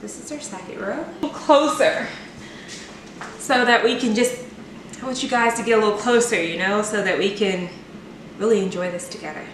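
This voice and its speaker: A woman's voice: medium pitch, a little fast, long pauses, a little hiss or hum. A woman hosting a home cooking video, chatting playfully and poking fun at herself as she decorates a cake. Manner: chatty and playful, self-deprecating. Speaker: cooking vlogger. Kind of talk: casual cooking demo chat. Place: home kitchen. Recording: echoey kitchen, mic at a distance.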